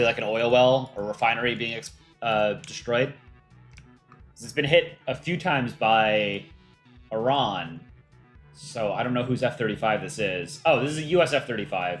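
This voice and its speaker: A man hosts a casual livestream, answering chat questions in a relaxed, offhand manner. He thinks aloud with frequent ums, at an ordinary middle pitch, with faint music underneath. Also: normal speed. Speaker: livestream host for a countryball animation channel.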